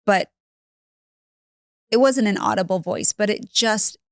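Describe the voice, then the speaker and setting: A woman's voice: medium pitch, unhurried, dry recording, studio quality. A woman hosting a conversation, reflective and searching for her words. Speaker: host. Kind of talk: casual conversation.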